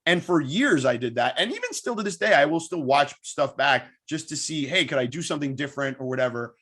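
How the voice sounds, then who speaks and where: A man, a sports broadcaster guest, telling stories in a quick, animated way in a casual interview. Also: fairly high pitch, husky.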